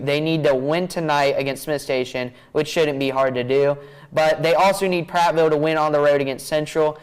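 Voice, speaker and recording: A man's voice: on the high side, clear, resonant tone, rough recording. Chatty young man hosting picks. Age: young adult. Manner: chatty, laughs easily, says y'all. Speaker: student broadcast host. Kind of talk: pregame picks show hosting.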